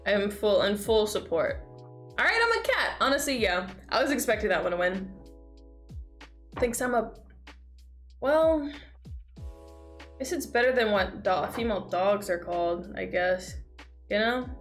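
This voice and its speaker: A young woman streaming, chatting casually while reacting to videos, excitable and swearing freely. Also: medium pitch, a little slow, long pauses, faint music behind.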